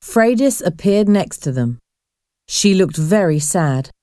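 A woman narrating a storybook in a slow, expressive reading voice. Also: fairly low pitch, dry recording, clean studio sound.

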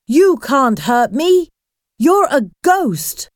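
A woman's voice: high-pitched, very animated, no room sound, clean studio sound, voice pushed up, exaggerated voice. A woman doing a feverish, delirious teen boy. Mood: weak delirious. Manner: weak and slow.

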